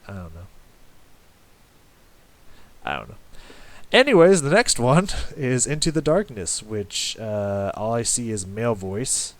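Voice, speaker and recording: A man's voice: fairly low pitch, moderate pace. A man giving casual reaction commentary on an album, rambling and correcting himself, laughing often and swearing casually. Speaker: music reaction YouTuber.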